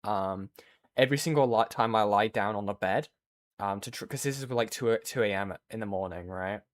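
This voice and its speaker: A man's voice: on the low side, moderate pace. A man streaming, chatting casually with viewers and rambling through a story with lots of fillers.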